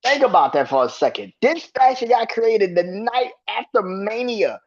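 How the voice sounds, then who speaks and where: This podcast host's voice is high, expressive and husky, moving at a moderate pace as he rants about wrestling. He curses in exasperation and laughs in disbelief, captured in dull lo-fi sound.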